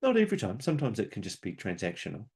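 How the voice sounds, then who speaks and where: A man's voice: lowish voice, wildly swooping pitch, rapid-fire, darkish tone, breathy edge. A man presenting a webinar, talking unscripted and conversationally, explaining ideas through homely analogies and stories.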